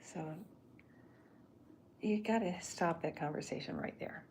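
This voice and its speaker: An older, soft-spoken woman artist in a whispered role-play, thinking aloud in halting bits while she sketches. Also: on the low side.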